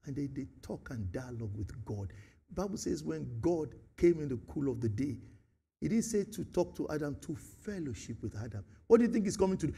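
A Nigerian man preaching a sermon, animated, acting out dialogues and slipping into Pidgin and Yoruba. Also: a little high, brisk, slightly rough. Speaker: pastor.

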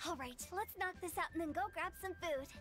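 A woman's voice: extremely high pitch, a little fast, sharp tone, soft background music. A woman voicing a mischievous, playful young funeral director in a game who talks in a teasing, perky way.

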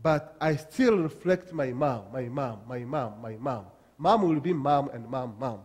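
A man from Africa preaching a sermon as pastor, with halting restarts and emphatic repetitions. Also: mid-range voice, expressive, darkish tone, breathy edge. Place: church sanctuary. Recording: long church hall reverb.

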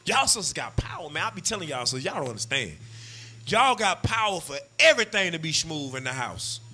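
A man preaching a street-style sermon, animated and slangy, acting out what husbands and wives say. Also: on the high side, a little fast, faint music behind.

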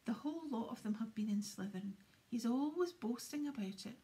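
A woman voicing an earnest teenage schoolboy in hushed, urgent whispered role-play. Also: a little high, lively intonation, fairly quick, close to an everyday voice.

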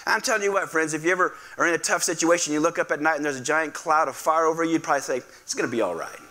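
Man, pastor, sermon, bright tense tone, slightly high voice, acts out quotes. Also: rapid-fire. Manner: animated, acts out quoted voices, asks the congregation to respond. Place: church sanctuary.

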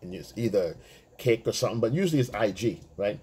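A man's voice: medium pitch, sing-song, fast talker, darkish tone, breathy edge. A man talking as a dating coach to other men, blunt and streetwise, swearing freely and acting out chat messages. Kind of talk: casual monologue to male viewers.

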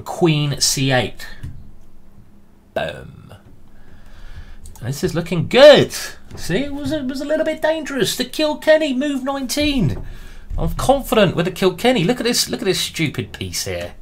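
A man giving animated, self-mocking running commentary while he plays speed chess online. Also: mid-range voice. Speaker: chess streamer. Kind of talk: thinking aloud while playing speed chess.

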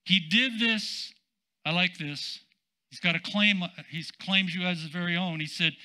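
An older man, a senior pastor, preaching a sermon in an emphatic, drawn-out way with casual asides. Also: high-pitched, sharp tone, rough recording.

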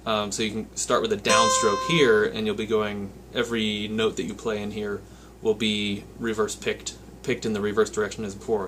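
Low-voiced man teaching guitar over loud playing. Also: level tone, normal speed, few pauses. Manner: counts picking strokes aloud while playing; patient, step-by-step explaining with fillers. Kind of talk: instructional guitar lesson. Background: his own guitar playing.

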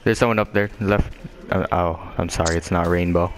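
A man's voice: deep voice, fairly even intonation, moderate pace. A young man chatting casually while playing a shooter game, joking and trash-talking his teammate. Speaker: gamer. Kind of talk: casual gameplay chat. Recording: noisy gameplay capture.

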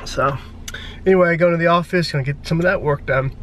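A man's voice: a little high, fairly quick. A man chatting casually through his daily vlog, upbeat with jokey asides. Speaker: vlogger.

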